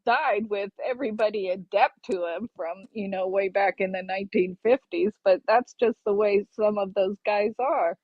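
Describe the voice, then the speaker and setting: A woman co-hosting a casual chat on a remote call, chatty and frank, quick to laugh. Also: mid-range voice, no echo, dull audio. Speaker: co-host. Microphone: remote call mic.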